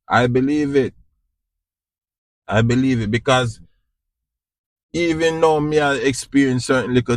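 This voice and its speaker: Slow, preachy Jamaican man. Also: mid-range voice, no echo. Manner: preachy, repetitive, keeps asking "you understand?". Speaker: podcast host. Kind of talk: informal spiritual monologue.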